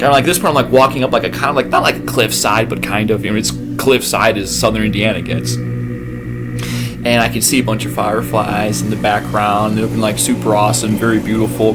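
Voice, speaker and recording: A young man telling a story casually, acting out his own gasps and panicked cries. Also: lowish voice. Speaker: vlogger.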